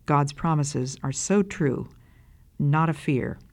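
A woman's voice: deep voice, slow pace, darkish tone, full character voice. A woman reading as a serene dying woman. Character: dying woman, calm and joyful in faith.

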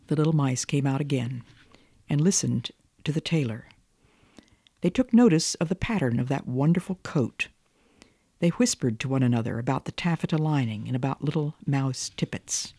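A woman radio host reading a children's story aloud in a gentle, measured way. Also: very deep voice, husky, no room sound, studio quality.

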